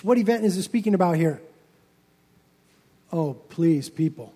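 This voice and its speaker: A man preaching a sermon as pastor, building to loud, emphatic passages and then dropping low and quiet. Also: expressive, normal speed, pauses often, slightly rough. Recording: long reverb of a large hall.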